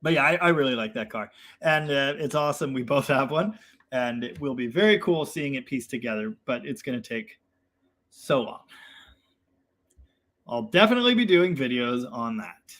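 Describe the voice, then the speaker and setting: A man's voice: medium pitch, lively intonation, normal speed, a bit bright. Chatty young man with fillers. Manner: chatty, self-deprecating, lots of fillers. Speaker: livestream host reading viewer comments. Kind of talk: casual live chat.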